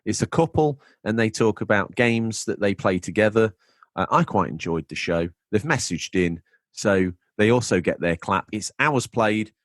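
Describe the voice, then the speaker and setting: A man co-hosting a gaming podcast, reading out listener messages in a jokey, lively way. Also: lowish voice, moderate pace, no echo, studio quality. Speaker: podcast co-host. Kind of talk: casual chat.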